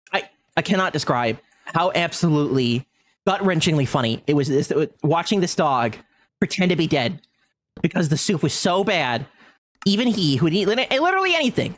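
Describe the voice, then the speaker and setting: There's a little hiss or hum behind this man's fairly high voice as he chats casually on his game stream. The gaming streamer animatedly tells a funny story and keeps cracking up.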